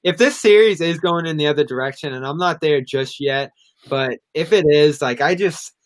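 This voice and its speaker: A man's voice: on the high side, moderate pace. A man chatting casually about sports on a podcast, chatty and laughing often.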